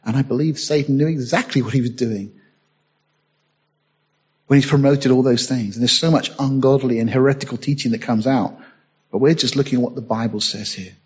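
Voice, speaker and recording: Husky preacher man, dull lo-fi sound. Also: mid-range voice, fairly quick, a little mellow. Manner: reads scripture aloud, rising to emphatic bursts. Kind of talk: sermon.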